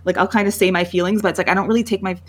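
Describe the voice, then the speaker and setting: A woman chatting openly on a podcast, candid and self-deprecating, her phrases fading quieter at the end. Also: mid-range voice, fairly even intonation, racing, a little hiss or hum. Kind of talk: casual chat.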